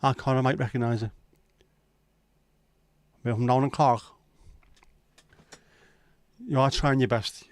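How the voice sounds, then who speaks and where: A man's voice: medium pitch, steady tone, measured pace, pauses often, no room sound. A man hosting a casual livestream chat, joking and teasing his viewers in loose banter. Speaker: livestream host.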